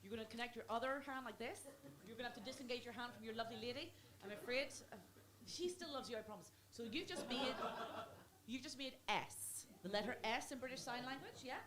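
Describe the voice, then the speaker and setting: A woman's voice: a little high, a little fast, a bit bright. A woman performing a stand-up set in a comedy club, dry and self-mocking, chatting with the crowd. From Ireland. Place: comedy club before a live audience. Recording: live club recording with audible noise.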